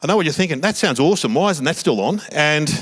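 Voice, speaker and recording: A man's voice: fairly high pitch, expressive, a bit bright. A middle-aged Australian man doing stand-up comedy, telling chatty, self-mocking stories on a theatre stage. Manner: chatty, self-mocking anecdotes with quick voiced asides. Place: small theatre stage before a live audience.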